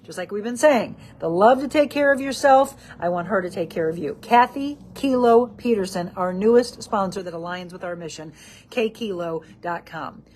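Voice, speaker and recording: A woman's voice: medium pitch, animated, moderate pace, darkish tone, a little hiss or hum. A woman hosting a live self-help show, reading out viewer comments by name and encouraging her audience in an upbeat way.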